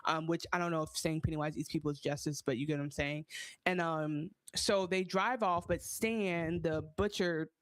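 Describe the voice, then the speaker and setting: A woman's voice: low-pitched, normal speed, no room sound, clean studio sound. A woman co-hosting a podcast, retelling a show in casual chat and acting out lines as she goes. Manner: animated retelling with acted-out quotes and laughs. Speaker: podcast co-host.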